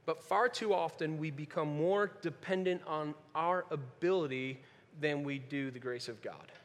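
High-voiced preacher in a reverberant hall. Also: male voice, normal speed. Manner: swings from quiet and earnest to loud and emphatic, repeats key phrases. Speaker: pastor. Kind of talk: sermon. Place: church sanctuary. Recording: long reverb of a large hall.

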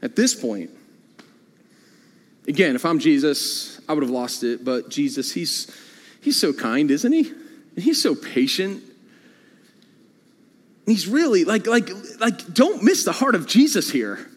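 A man preaching a sermon in a church sanctuary, his fairly high voice rising and falling in lively swings. He repeats phrases as he drives each point home. Long reverb from the hall trails behind his words. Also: unhurried, long pauses. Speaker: pastor.

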